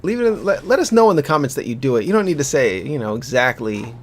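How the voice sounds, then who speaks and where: A man's voice: mid-range voice, big pitch swings, fast, a little hiss or hum. A man co-hosting a let's play, teasing and chuckling as he chats. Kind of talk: casual gameplay commentary.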